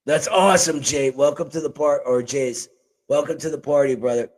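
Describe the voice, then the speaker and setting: A man hosting a casual political talk show at his desk, animated and joking, speaking into a boom-arm microphone. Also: moderate pace, rough recording. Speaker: show host. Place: home desk. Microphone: boom-arm desk mic.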